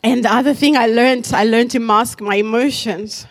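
A woman's voice: on the high side, fairly even intonation, moderate pace. A woman in her forties, raised in Africa, giving an earnest personal testimony to a church congregation, reflective with light laughs.

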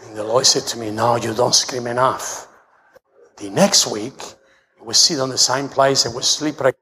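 A middle-aged man pastor with an Italian accent, preaching a sermon in broken English and rising to shouts. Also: moderate pace, slight background noise. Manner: shouts and rises to high pitch when preaching; broken English, storytelling with humor.

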